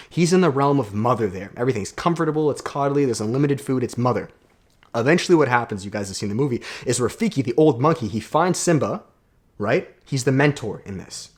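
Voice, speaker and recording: A young man giving a motivational self-development monologue, emphatic, casual and sprinkled with swearing and "right?" tags. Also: medium pitch.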